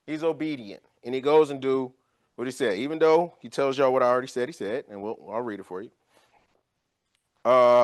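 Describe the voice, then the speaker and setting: A man teaching an informal Bible study, explaining scripture with lively storytelling and acted-out scenes. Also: a little high, a little fast. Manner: animated storytelling, acts out scenes.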